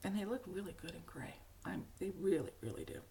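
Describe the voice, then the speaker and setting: A middle-aged woman with a hoarse, cracky voice, hosting a knitting podcast in a rambling, casual chat with frequent laughs. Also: lowish voice, sing-song, a little fast, dark tone. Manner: chatty, rambling, laughs often. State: hoarse, frog in throat.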